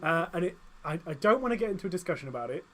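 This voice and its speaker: A man's voice: sits high, very animated, racing, low-quality recording. A young British man co-hosting a casual radio show, joking and reading out news items in a studio.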